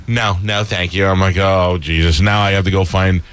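A man's voice: deep voice, steady tone, normal speed, fairly bright tone, clear, resonant tone. A man hosting a radio interview, laid-back, laughing along and telling his own stories. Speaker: radio host. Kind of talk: casual interview chat.

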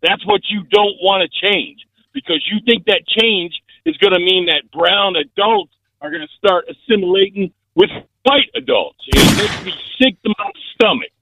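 Male caller, furious rant, high lively voice with gravel, tinny phone audio. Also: no echo. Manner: angry, rushed rant. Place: driving in a car.

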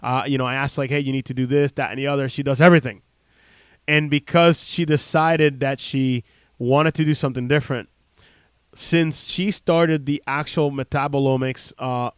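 A man's voice: mid-range voice, clean tone, no room sound. A man in his thirties, a chiropractor hosting a radio talk show, speaking casually with many fillers and restarts into a close studio mic.

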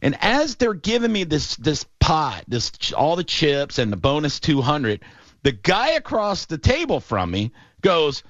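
A man hosting a sports talk show, telling a long story in a casual, animated way with lots of fillers. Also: a little high, a little slow, no room sound. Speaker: radio show host. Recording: dull, lo-fi and dry.

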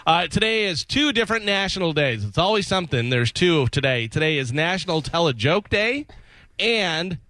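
A man's voice: fairly high pitch, very animated, moderate pace, bright, forceful tone, no room sound. A man hosting a news segment on a morning radio show, casual and wry, mixing stories with jokes.

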